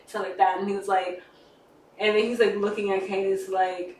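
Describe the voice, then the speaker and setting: A woman co-hosting a casual podcast, retelling a story and acting out the characters' lines with big swings in pitch and loudness. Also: little pitch movement, normal speed. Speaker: podcast co-host. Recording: echoey room, distant mic, faint background noise.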